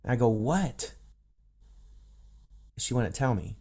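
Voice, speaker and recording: A man's voice: medium pitch, moderate pace. A man from the Midwestern United States, a voice coach and podcast guest, telling stories in a casual interview and acting out the voices in them, recorded over a video call. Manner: animated storyteller who acts out quoted dialogue.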